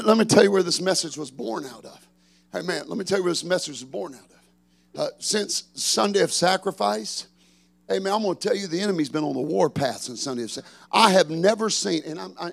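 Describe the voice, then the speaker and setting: A middle-aged man, a pastor preaching a sermon, swinging from shouted refrains to chatty storytelling. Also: high voice, gravelly.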